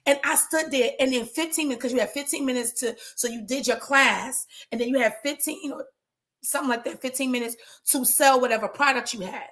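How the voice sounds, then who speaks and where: A woman with a somewhat high voice tells her business story in a loose, animated way. She talks straight to her audience like friends, mixing motivation with casual chat. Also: brisk. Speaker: trichologist and hair business coach. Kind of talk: motivational casual talk to viewers.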